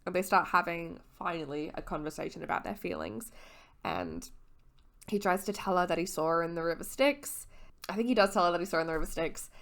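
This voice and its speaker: A woman's voice: on the low side, big pitch swings, fairly quick. A drunk woman vlogging a casual, rambling recap of a book series, slurring her words and dropping sweary, giggly asides.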